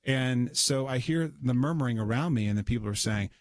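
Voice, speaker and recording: A man's voice: medium pitch, fairly even intonation, a little fast, dry recording, studio quality. Man telling a rambling personal story. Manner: rambling storyteller with many restarts and laughs. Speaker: studio guest. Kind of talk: personal testimony in conversation. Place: radio studio. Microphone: studio microphone.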